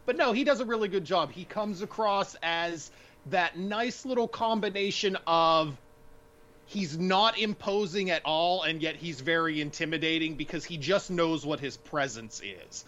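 A man's voice: on the high side, normal speed, pushed and bright, lo-fi sound. A man co-hosting a casual film podcast, thinking aloud and rambling with fillers as he gives his opinions. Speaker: podcast co-host.

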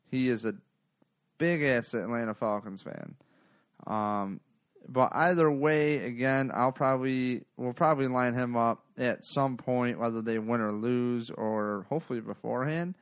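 A man hosts a casual sports podcast, rambling and cursing freely as he tells his stories. His voice sits at a middling pitch and sounds dry and close to the mic. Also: clean tone, dry recording. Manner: rambling, profane, animated storytelling. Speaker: podcast host.

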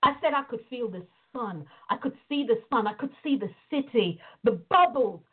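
A woman telling a story and teaching in casual talk on a call, animated, acting out the voices in her stories. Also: on the high side, moderate pace, husky. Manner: animated storytelling, acts out quoted dialogue. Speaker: prayer and visualization teacher. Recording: tinny phone-like line.

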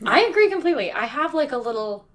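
A woman co-hosting a podcast, excitable and giggly, quick to react. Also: high voice. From New York, USA. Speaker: podcast co-host. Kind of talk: casual podcast chat.

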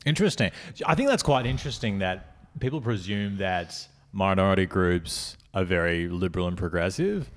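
A young man with a low, deep voice hosts a relaxed podcast conversation. He speaks in a measured, curious way and laughs easily. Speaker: podcast host. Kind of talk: casual podcast chat.

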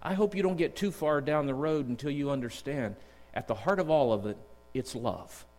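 A middle-aged man preaching a sermon in a church, earnest and storytelling, slowing down to read scripture. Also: mid-range voice, darkish tone. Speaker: district superintendent preaching. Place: church sanctuary. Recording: long church reverb.

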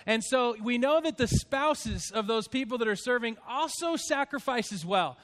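A man in his fifties, a pastor addressing his church congregation in a heartfelt, halting way, choked up with emotion. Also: very high-pitched, lively intonation, fairly bright tone.

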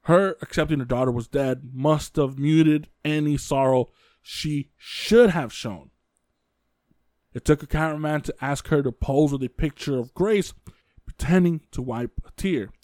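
A man hosting a casual podcast, retelling a true-crime story in a loose, filler-heavy way with quick acted quotes. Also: medium pitch, darkish tone, no echo, clean studio sound. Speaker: podcast host telling the case.

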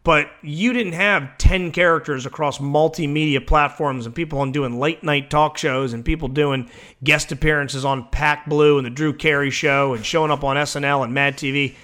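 Brash, profane man with a higher voice. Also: steady tone, sharp tone. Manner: brash, profane, rapid-fire. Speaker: podcast co-host. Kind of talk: casual wrestling podcast chat.

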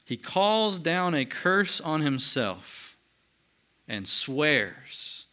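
A man preaching from the pulpit with a bright, forceful tone. He moves between lively, emphatic stretches and hushed, slowed-down solemn passages, speaking straight to the congregation. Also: on the high side. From United States. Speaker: pastor. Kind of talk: sermon.

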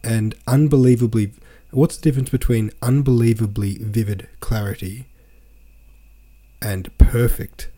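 A man's voice: lowish voice, dark tone, slightly rough. A man hosting a podcast, reading from a novel aloud and complaining in an exasperated, ranting way about its wordy sentences. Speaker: podcast host.

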